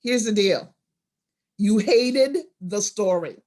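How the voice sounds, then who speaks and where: Leading a storytelling workshop via video call, this woman speaks slowly in a mid-range voice. She's animated and expressive, dropping into hushed asides before rising to loud emphasis.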